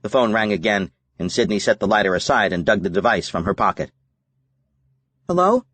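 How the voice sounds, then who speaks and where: A man narrating a novel as an audiobook in a measured, even reading. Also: fairly low pitch. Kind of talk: scripted narration.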